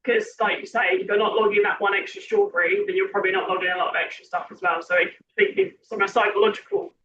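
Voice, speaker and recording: A woman hosting a podcast, chatting in a rambling, self-correcting way and a little hoarse from losing her voice. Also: medium pitch, steady tone, fast. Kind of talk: casual podcast chat. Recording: distant muffled mic with background noise.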